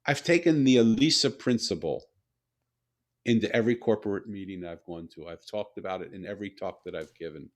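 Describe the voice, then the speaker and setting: An older man telling a personal story in a conversational interview, animated and repeating words as he builds his point. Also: lowish voice, fairly quick. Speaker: guest, author and CEO.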